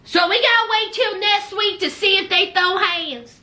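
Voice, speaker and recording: A woman's voice: very high voice, normal speed, sharp tone. A woman giving a casual recap of a reality show, sassy and speaking straight to her viewers.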